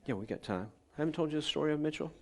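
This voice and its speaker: A man's voice: fairly high pitch, animated, very fast. A male pastor, telling stories in a chatty sermon and asking his congregation questions. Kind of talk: conversational sermon storytelling. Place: church gathering.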